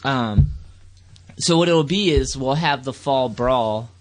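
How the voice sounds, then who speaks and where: Enthusiastic young man, casual podcast host. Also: mid-range voice. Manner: enthusiastic, filler-heavy, quick to laugh. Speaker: podcast host and contest organizer. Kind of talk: casual chat.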